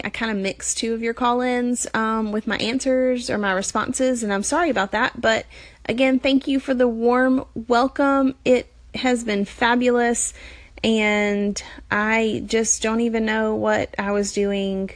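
A woman with a Southern American accent chats on a phone call-in, friendly and rambling with lots of fillers. Her voice sits fairly high and sounds dry and close. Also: measured pace, no room sound. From Alabama, US. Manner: chatty, friendly, full of fillers. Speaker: new podcast app user on call-in. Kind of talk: casual call-in chat.

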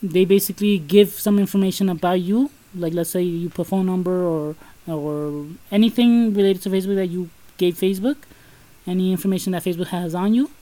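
A woman with a New York accent co-hosting a casual podcast, telling stories with lively emphasis and talking straight to listeners. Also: lowish voice, fairly quick, low-quality recording. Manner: animated storytelling, addresses listeners as guys. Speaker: podcast co-host.

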